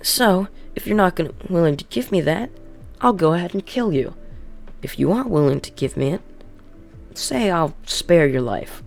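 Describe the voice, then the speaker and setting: Teen boy ghoul, read by a woman: low, casual, coldly menacing, storybook read-aloud. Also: moderate pace, darkish tone, soft background music. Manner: casual, offhand threats.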